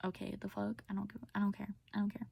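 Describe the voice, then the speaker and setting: Young woman, casual venting storyteller, tearful edge, dark mellow tone. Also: mid-range voice, monotone, quick pace, vocal fry, slightly rough, dry recording. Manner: casual, venting, many fillers, drops to whispers. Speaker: vlogger telling a personal story. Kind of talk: personal storytelling vent.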